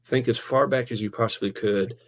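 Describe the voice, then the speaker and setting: A man who is a pastor, telling a personal story in casual conversation. He is animated, laughs often and fills his speech with "like" and "man". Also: medium pitch, fairly quick. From United States. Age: adult, a parent.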